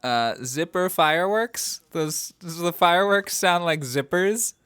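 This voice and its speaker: A man's voice: high voice, animated, unhurried, clear, resonant tone. Young man joking on a podcast. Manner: joking, breaks into loud quoted lines and laughs. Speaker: podcast co-host. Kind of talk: casual movie podcast chat.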